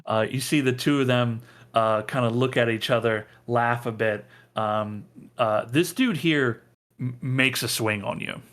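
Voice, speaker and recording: Halting game master. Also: male voice, mid-range voice, a bit bright. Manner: halting, with many filler sounds. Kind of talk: narrating a tabletop game.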